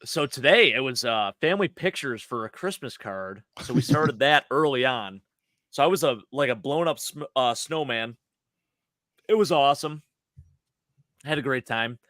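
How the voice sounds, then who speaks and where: A man with a hoarse, worn-out voice, chatting excitedly and rambling about a football game on a fan podcast. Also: mid-range voice, moderate pace, no room sound, clean studio sound. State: hoarse, lost his voice. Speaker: podcast panelist. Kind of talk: casual sports chat.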